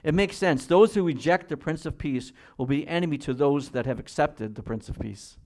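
A man preaching as a pastor reads scripture slowly and deliberately. His delivery swings between quiet, measured emphasis and loud, high-pitched exhortation.

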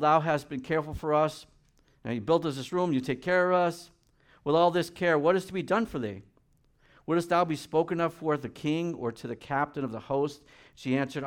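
Man, middle-aged, pastor, preaching, animated, reads scripture, acts out voices, higher-pitched. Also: smooth. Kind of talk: sermon.

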